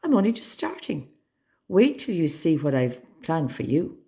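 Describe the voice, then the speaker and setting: A woman voicing a spiteful young boy prince who taunts and shouts insults. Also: low-pitched, very animated, moderate pace, vocal fry, exaggerated voice. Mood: taunting.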